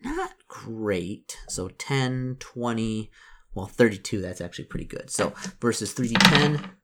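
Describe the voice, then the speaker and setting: Man, slightly low voice, narrating a solo tabletop game and dice rolls; halting, stop-start delivery. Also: sing-song, bright, forceful tone, a little hiss or hum. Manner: halting, full of repetitions and restarts. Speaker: solo tabletop role-player.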